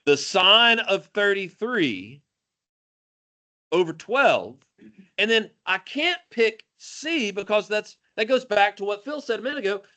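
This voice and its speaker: A man teaching math to a class, animated and jokey, calling on students by name. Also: high-pitched, unhurried. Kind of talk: classroom lecture.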